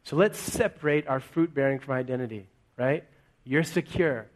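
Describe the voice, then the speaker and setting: In a mid-range voice at a moderate pace, a male pastor preaches a sermon to his congregation in church. He keeps it conversational and peppers it with rhetorical questions.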